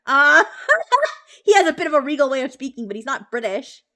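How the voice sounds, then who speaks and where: A woman's voice: high voice, expressive, a little fast, sharp tone. A woman streamer chatting casually and bubbly, with frequent giggles and restarts. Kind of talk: casual live-stream chat.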